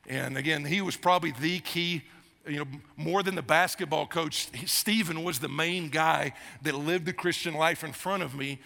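A man in his fifties preaching a sermon as pastor, emphatic and given to repeating his phrases, growing animated as he goes. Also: a little high, moderate pace, vocal fry. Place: church sanctuary. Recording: long reverb of a large hall.

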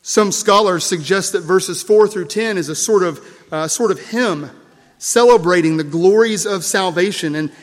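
Slow, high-voiced preacher in a reverberant church. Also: male voice. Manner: emphatic, measured preaching with repeated phrases and dropping cadences. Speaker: pastor. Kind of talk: sermon. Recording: long reverb of a church hall.

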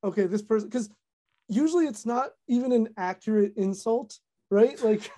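Chatty young woman, mellow voice. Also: a little high, moderate pace. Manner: chatty, lots of fillers, animated storytelling. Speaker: content creator guest. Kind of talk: casual podcast chat.

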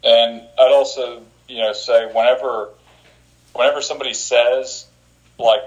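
A man on a group call giving relaxed sales advice. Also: mid-range voice, moderate pace, dull audio.

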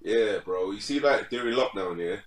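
On a poor, reverberant recording, a young fitness content creator talks casually as a podcast guest in a fairly low voice at normal speed. He's relaxed, laughs frequently, and keeps dropping "bro."

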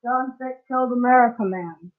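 A man doing a squeaky smug villain. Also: normal speed, narrow, tinny audio. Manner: nasal high-pitched imitation. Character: smug high-voiced male movie villain.

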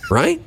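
A man co-hosting a podcast, chatting casually, joking and teasing. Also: a bit bright. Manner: joking, teasing, laughs often. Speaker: podcast co-host. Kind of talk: casual comedic chat.

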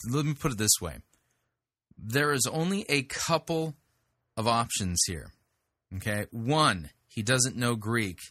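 Male host, emphatic critic, crisp bright tone, dry close recording. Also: mid-range voice, no echo. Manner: emphatic and indignant, with hesitant restarts. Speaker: podcast host rebutting a preacher. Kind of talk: critical commentary on played clips.

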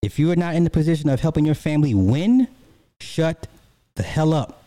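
A man's voice: fairly high pitch, expressive, brisk, mellow, no echo. A man giving a heated, profane reaction commentary in blunt everyday speech.

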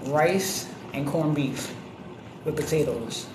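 A woman chatting casually on a podcast, telling lively stories with plenty of swearing and acted-out voices. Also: low-pitched, takes it slowly. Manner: animated storyteller, profane, acts out other voices. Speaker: podcast co-host. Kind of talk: casual chat. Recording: roomy with background noise.

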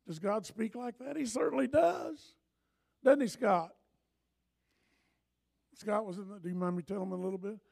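An older man preaching a sermon as pastor, telling stories and swinging from hushed asides to loud urging. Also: sits high, expressive, moderate pace, vocal fry, long pauses, slightly rough.

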